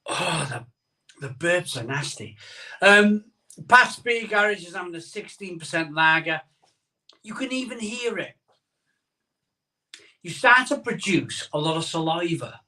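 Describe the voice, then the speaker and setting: A man's voice: high-pitched, lively intonation, unhurried, long pauses, bright, forceful tone, far from the mic. A man hosting a live beer-tasting stream, talking in a rambling, self-interrupting way while his mouth burns from chili. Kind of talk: casual live-stream chat. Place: home room, streaming live.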